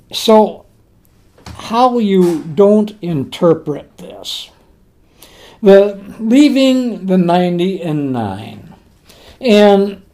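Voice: mid-range voice, warm tone. A preacher delivering a sermon on a parable in a folksy, conversational way, repeating key words for emphasis.

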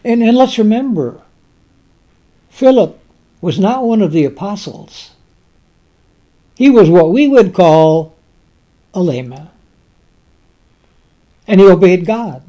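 Slow, mellow-voiced man preaching a sermon. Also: high voice. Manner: emphatic, with dramatic pauses and swings from loud to soft; reads scripture in King James wording.

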